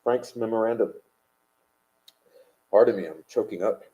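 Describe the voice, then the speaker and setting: Male livestream host with a low, dark voice on dull lo-fi audio, rambling and combative. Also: moderate pace. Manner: rambling, combative, full of uh fillers. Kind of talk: casual livestream commentary reading chat.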